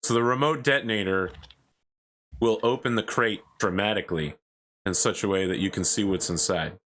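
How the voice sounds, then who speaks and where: A man's voice: on the low side, moderate pace, fairly bright tone, a little hiss or hum. A man narrating a tabletop game as game master in a casual, descriptive way.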